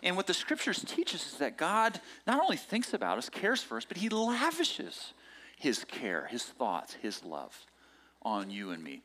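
A man preaching a sermon in a conversational, animated way. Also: a little high, unhurried. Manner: conversational and animated, acting out quoted lines. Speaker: pastor.

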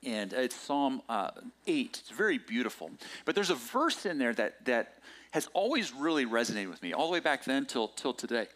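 A male pastor delivering a sermon in a relaxed, conversational tone. His pitch swings widely as he leans into points. He sounds lively and engaged with his listeners. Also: moderate pace. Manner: conversational and animated, acting out quoted lines.

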